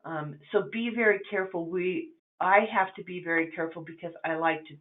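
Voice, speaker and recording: Lady giving a webinar talk, lowish voice, chatty teaching tone w/ lots of ums, sounds like it's coming thru a phone. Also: brisk, narrow, tinny audio. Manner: conversational and instructive, with frequent ums. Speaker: presenter. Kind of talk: webinar lecture.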